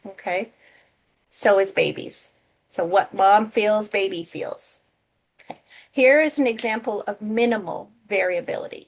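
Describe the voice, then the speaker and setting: A woman teaching as a nursing instructor in a casual recorded lecture, often checking in with "okay?". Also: medium pitch.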